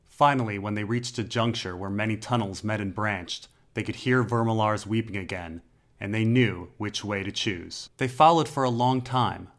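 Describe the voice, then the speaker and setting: Low-pitched male narrator, measured and dramatic, for a dark fantasy audiobook.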